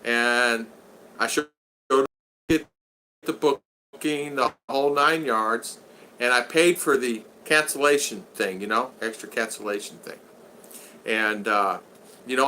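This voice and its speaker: Medium in pitch with a sharp tone, this man's voice comes with slight background noise. He hosts a laid-back livestream, reading viewer comments and rambling through humorous stories, laughing often and acting out quoted voices.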